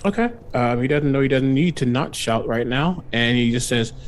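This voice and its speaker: A man playing a tabletop horror game who switches between hesitant questions and in-character speech. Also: normal speed. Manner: hesitant, with lively swoops of pitch. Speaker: player. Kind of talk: tabletop role-play, speaking in character.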